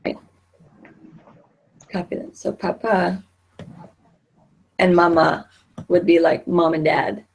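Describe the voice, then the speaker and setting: A woman's voice: on the low side, steady tone, slow pace, pauses often, darkish tone, a little hiss or hum. A middle-aged woman teaching a Spanish class, explaining patiently with many fillers and restarts.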